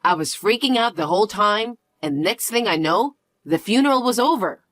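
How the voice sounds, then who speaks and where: A woman voicing a frantic middle-aged mother who pleads, pushes and keeps repeating herself, in a lower, heavier register. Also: expressive, normal speed, no room sound, studio quality, lightly acted. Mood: pleading. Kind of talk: dialogue story acting.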